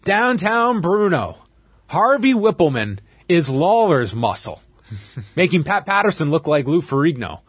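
A man's voice: fairly high pitch, unhurried, slightly rough, no room sound. A Canadian man hosting a podcast, animatedly recapping events in casual chat and laughing along. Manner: animated storyteller who laughs while recapping. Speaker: podcast host.

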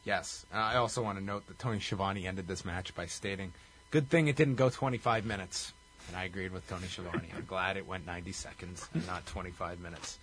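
A man's voice: sits low, flat delivery, quick pace, hardly any pauses, pushed and bright, a little hiss or hum. A man co-hosting a casual podcast, recapping a wrestling show with a wry, chuckling delivery. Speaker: podcast co-host.

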